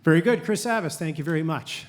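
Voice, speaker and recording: A man moderating a televised mayoral debate, introducing candidates with brisk, upbeat remarks. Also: fairly high pitch, expressive. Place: convention centre hall. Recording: long reverb in a convention hall.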